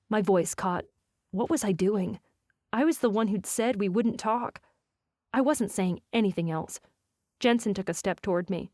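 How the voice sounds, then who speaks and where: A woman's voice: mid-range voice, moderate pace, a little mellow, no echo, studio quality. A woman narrating a romance novel in first person, with a wry, self-mocking inner voice. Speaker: audiobook narrator.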